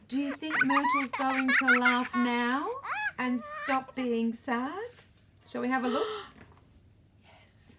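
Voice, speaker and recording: A woman's voice: high voice, sing-song, slow pace, long pauses, heavy background noise. A woman author reading her children's storybook aloud in a playful way and asking the young listeners questions.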